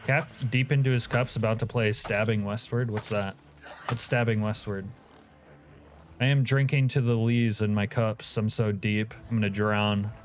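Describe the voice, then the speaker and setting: A man's voice: fairly low pitch, steady tone, normal speed, faint music behind. A man streaming a game, chatting casually and joking as he reacts to his chat.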